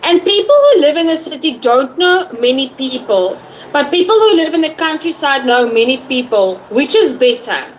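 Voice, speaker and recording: A woman's voice: high voice, sing-song, normal speed, slight background noise, low-quality recording. A woman English teacher running an online tutoring session, asking questions and praising her student.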